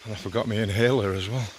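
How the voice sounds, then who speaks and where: Vlogger, male, 50s, Yorkshire accent; lowish, short of breath, chatty and swearing, recorded outside. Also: a little hiss or hum. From England. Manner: chatty, rambling, swears casually. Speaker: vlogger walking his dog. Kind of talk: casual walking vlog. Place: hilly countryside outdoors.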